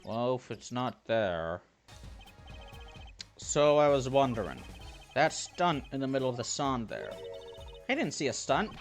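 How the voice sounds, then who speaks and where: A man's voice: mid-range voice, a little slow, long pauses, soft background music. A man casually commenting while playing a game, swearing freely and reading lines aloud. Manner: animated, swears freely, reads dialogue aloud. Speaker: game streamer. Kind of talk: casual let's play commentary.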